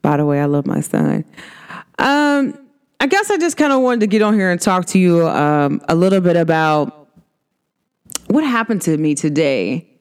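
Woman vlog host, 30s, animated casual delivery, lower voice, very expressive pitch. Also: moderate pace, smooth. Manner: animated, laughs often, chatty and playful.

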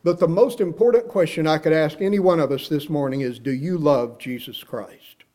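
A preacher delivering a sermon in a somewhat high-pitched male voice. He tells the story with energy and acts out each quoted line himself. Now and then he turns to the congregation with a direct question. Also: moderate pace, warm tone. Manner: storytelling, acting out the quoted speech; asks the listeners direct questions.

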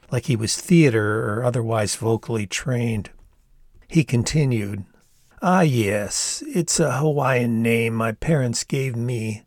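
An older man reading his own memoir aloud in a measured storytelling manner. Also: medium pitch, no room sound, clean studio sound. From Ann Arbor, Michigan, USA. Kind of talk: audiobook narration.

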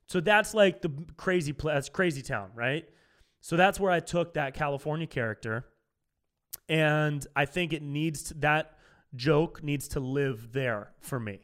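A man's voice: fairly high pitch, unhurried, fairly bright tone. A young man hosting a solo comedy podcast, talking casually and swearing, who often gets heated.

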